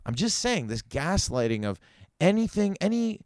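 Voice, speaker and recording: A man's voice: sits high, sing-song, moderate pace, a little mellow, no echo, studio quality. A man hosting his own comedy podcast, ranting profanely with sarcastic asides. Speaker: podcast host. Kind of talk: solo comedy podcast rant. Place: in Vancouver.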